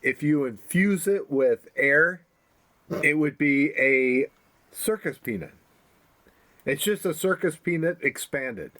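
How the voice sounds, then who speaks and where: An easygoing man co-hosting a casual comedy podcast, with a voice sitting slightly high for a man. He talks plainly and laughs along often. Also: animated, slow, fairly bright tone. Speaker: podcast co-host.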